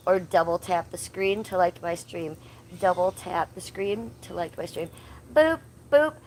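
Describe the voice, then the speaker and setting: A woman's voice: fairly low pitch, slight background noise. A woman hosting a casual livestream from home, chatty and easily sidetracked, slipping into playful baby talk. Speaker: livestream host. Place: outdoors at home, yard with trees.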